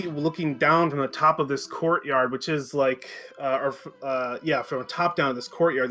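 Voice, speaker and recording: A man's voice: fairly high pitch, pushed and bright. A man narrating as game master, describing scenes with frequent fillers and self-corrections.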